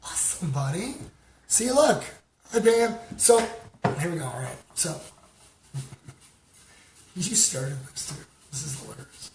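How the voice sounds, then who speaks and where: A talkative man from Canada chatters his way through a livestream, stopping to greet viewers by name. He rambles and fills his pauses with "um". The room sounds hollow, with a steady hum of noise behind him. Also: a little high. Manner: rambling, talkative, many fillers. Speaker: livestream host. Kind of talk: casual livestream chat with shout-outs. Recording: roomy sound with background noise.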